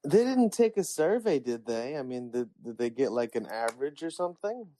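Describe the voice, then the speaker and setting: A man's voice: mid-range voice, sing-song, moderate pace, dark tone, dry recording. A man chatting as a guest on a comedy podcast who plays along in a laid-back way with dry asides. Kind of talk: casual comedic chat. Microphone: phone app audio.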